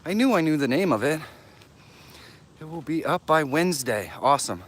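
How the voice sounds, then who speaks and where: A man hosting a live stream, casually chatting and excitedly greeting viewers by name while walking outdoors, a little out of breath. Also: moderate pace. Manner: enthusiastic, greets viewers by name, jumps in pitch. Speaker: livestream host.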